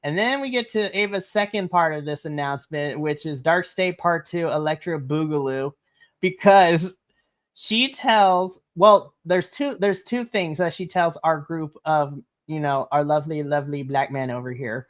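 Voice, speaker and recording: A woman's voice: low voice, moderate pace. A woman co-hosting a wrestling podcast, recapping the show in casual chat and acting out the characters' lines. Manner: animated, laughs often, acts out characters in quotes.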